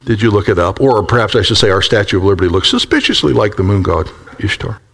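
A man preaching a sermon, swinging between high, urgent exclaims and hushed, low passages, and acting out the voices of prophets. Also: sing-song, fast, breathy edge. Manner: acts out quoted prophets with a rising voice. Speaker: pastor.

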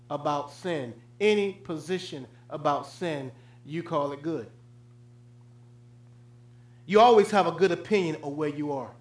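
Male pastor, high voice, dynamic sermon delivery from hushed to loud, echoey room. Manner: swings from loud high preaching to low hushed tones.

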